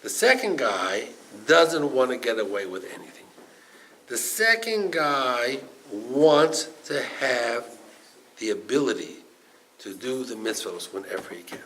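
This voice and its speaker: A man's voice: mid-range voice, unhurried, a little hiss or hum, low-quality recording. An older man, a rabbi, teaching a Torah class, telling stories and acting out the voices in them, with Hebrew and Yiddish terms mixed in. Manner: animated storytelling, acts out quoted voices.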